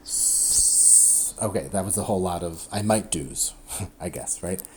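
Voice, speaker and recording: Chatty low-voiced male math lecturer. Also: unhurried, background noise. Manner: chatty, self-interrupting, animated explanations. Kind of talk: recorded lecture at a whiteboard.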